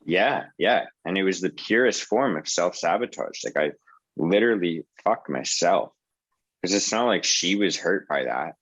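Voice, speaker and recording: A man in his twenties who hosts a support group tells a story over a video call, rambling casually with lots of swearing and fillers like "like" and "dude." His low voice is fairly bright and slightly rough, with lively intonation and a moderate pace. The recording is dry and rough.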